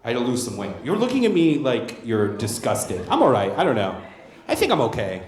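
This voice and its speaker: A man's voice: mid-range voice, huge pitch swings, brisk, a little mellow. A male stand-up comedian performing a brash, profane, self-mocking set on a comedy club stage. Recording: roomy comedy club sound.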